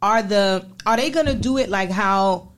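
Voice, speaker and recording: A woman co-hosting a casual chat, animated and slangy, repeating her points for emphasis. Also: mid-range voice, moderate pace. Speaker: co-host.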